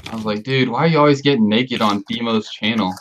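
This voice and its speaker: A man's voice: mid-range voice, fast talker, fairly bright tone, a little hiss or hum. A man teasing his friends playfully on a casual livestream.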